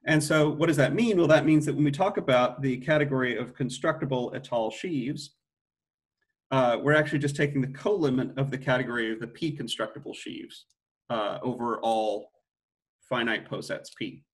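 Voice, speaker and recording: A man's voice: medium pitch, moderate pace. A middle-aged man giving an academic mathematics lecture, thinking aloud with frequent restarts and self-corrections.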